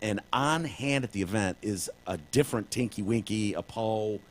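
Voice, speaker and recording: A man's voice: on the low side, normal speed. Joking man telling stories on a podcast. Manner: jokey storyteller, slips into silly put-on accents. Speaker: podcast co-host. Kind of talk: casual comedic chat.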